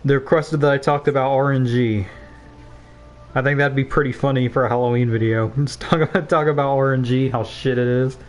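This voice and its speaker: A man's voice: mid-range voice, steady tone, a little fast, soft background music. A young man of about nineteen, a game streamer, chatting casually and telling a school story while he plays, rambling with swearing and laughing asides. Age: young adult, about 19.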